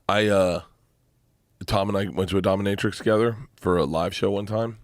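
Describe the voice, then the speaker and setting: Lowish-voiced man telling a crude story. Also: brisk. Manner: animated, crude anecdote teller. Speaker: podcast guest. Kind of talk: casual chat, storytelling.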